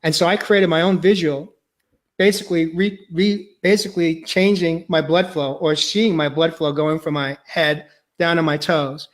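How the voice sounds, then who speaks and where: A male podcast host sharing a personal testimony, earnest and halting, choked up and near tears. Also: fairly high pitch, fairly even intonation.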